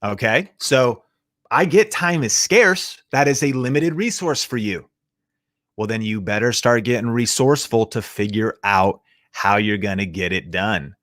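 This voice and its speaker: A man's voice: on the low side, measured pace, a bit bright. A man hosting a motivational live show, talking in a punchy, fired-up, slangy way. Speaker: show host. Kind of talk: motivational livestream talk.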